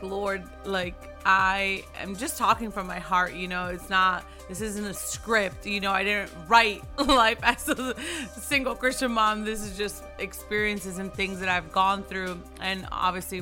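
Bright-voiced woman hosting a faith chat. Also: medium pitch. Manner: lively, laughs often, animated retellings. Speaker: host of a Christian ministry video show. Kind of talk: casual heartfelt chat. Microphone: microphone in front of her.

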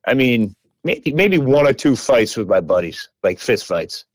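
Man, casual chat, blunt, laid-back, heavy swearing, lively pitch. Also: unhurried, no echo. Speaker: podcast co-host.

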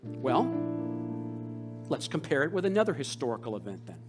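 An American man, a rabbi, preaching a sermon with passion and rhetorical questions, swinging between loud and hushed. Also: medium pitch, very animated, moderate pace, over loud music. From United States.

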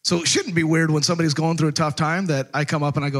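A man delivers a sermon in a loose, joking style, teasing the room with rhetorical questions. His voice sits high and sounds bright and forward. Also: steady tone, racing. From Texas. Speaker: pastor.

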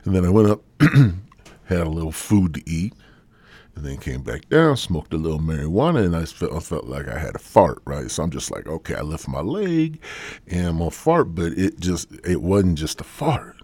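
A male podcast host, high on marijuana and hoarse, rambling crudely through a solo monologue. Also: animated, moderate pace, dark tone, dry recording. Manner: crude, rambling, drifts into breathy whispers. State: voice partly lost, throat-clearing.

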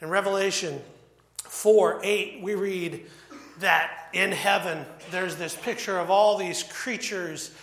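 A man's voice: high-pitched, fairly even intonation, slow pace, a bit bright, echoey room. A man preaching a sermon as pastor, conversational and storytelling, with frequent fillers.

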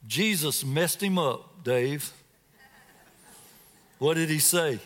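A man with a high voice delivers a sermon slowly and deliberately as a guest preacher. He retells a scripture story dramatically and puts direct questions to the congregation. His voice rings with a long reverb from a large hall. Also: a bit bright.

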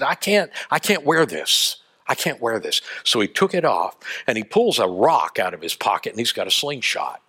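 Lively, animated male preacher. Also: fairly high pitch. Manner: lively storytelling with acted-out voices and asides. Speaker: pastor. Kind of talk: sermon.

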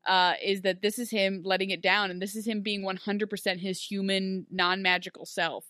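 A woman co-hosting a casual podcast, recapping a TV episode and acting out the characters' lines in quick animated bursts. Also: mid-range voice, dry recording, clean studio sound. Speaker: podcast co-host. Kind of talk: casual recap chat about a TV show.

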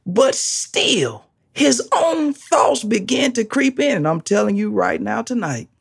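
Brief: husky, gravelly preacher, slow and emphatic, pitch swings widely through the sermon. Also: lively intonation. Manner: emphatic, repeats key phrases, laughs often.

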